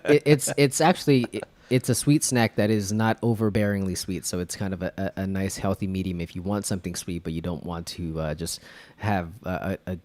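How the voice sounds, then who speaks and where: A man co-hosting a podcast in a casual snack-tasting chat, wry and teasing, with a halting delivery full of fillers. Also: low-pitched, fairly even intonation, a little mellow. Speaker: podcast co-host.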